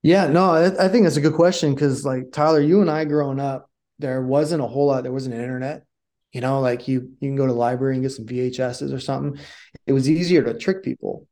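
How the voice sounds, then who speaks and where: A middle-aged communication coach with a medium-pitched voice tells stories at a quick pace in a casual interview, animatedly acting out the dialogue.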